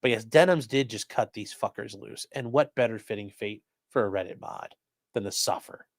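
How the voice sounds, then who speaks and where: A man's voice: fairly low pitch, normal speed, vocal fry, no echo. A man doing mocking, sarcastic live-stream commentary while reading chat, swearing often.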